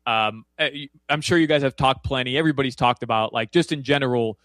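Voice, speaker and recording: A man's voice: medium pitch, quick pace, fairly bright tone, no room sound. A man giving casual soccer betting picks, rambling with many fillers and restarts. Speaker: soccer analyst guest. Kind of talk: casual sports betting chat.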